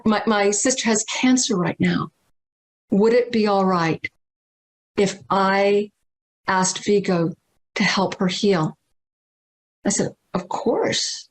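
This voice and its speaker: A middle-aged woman from Massachusetts, telling an earnest, animated story as a guest teacher on a video call. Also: medium pitch, rough recording. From Massachusetts, USA. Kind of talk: storytelling in a livestream talk.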